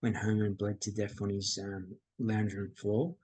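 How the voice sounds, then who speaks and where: A man's voice: lowish voice, level tone, unhurried, a little mellow, breathy edge, rough recording. A middle-aged man, telling his life story as a podcast guest in a plain-spoken, reflective way. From Australia. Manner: reflective, plain-spoken, acts out quoted dialogue. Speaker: podcast guest, mindset coach. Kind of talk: candid personal storytelling.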